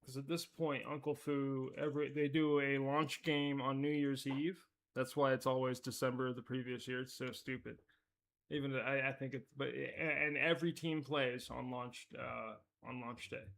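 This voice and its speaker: A man with a gravelly, fry-edged voice at an ordinary middle pitch, chatting his way through a live stream. He rambles and restarts his sentences, and he is easily amused. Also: flat delivery, normal speed, a bit bright. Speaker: showrunner hosting a live stream. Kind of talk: casual live-stream commentary.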